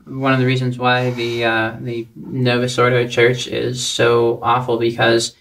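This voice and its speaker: A man's voice: medium pitch, monotone, measured pace, a bit bright, low-quality recording. A man co-hosting a talk show, speaking tentatively with fillers and restarts. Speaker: co-host. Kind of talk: conversational discussion.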